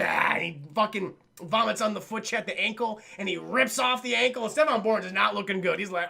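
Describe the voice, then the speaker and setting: A young man casually recapping a film for his livestream chat, swearing freely and acting out the scenes in quick voices. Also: high voice, creaky, sharp tone. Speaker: streamer reviewing a film.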